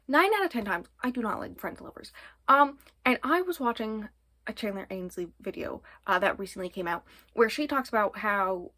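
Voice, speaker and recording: A woman's voice: medium pitch, a bit bright, no echo. Chatty young woman rambling about books. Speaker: book vlogger. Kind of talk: casual monthly reading wrap-up.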